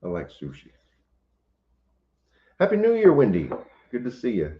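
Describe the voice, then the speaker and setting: A man hosting a relaxed livestream chat from home, speaking haltingly and greeting viewers from the comments. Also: mid-range voice. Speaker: homestead channel host. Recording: roomy, slightly dull sound.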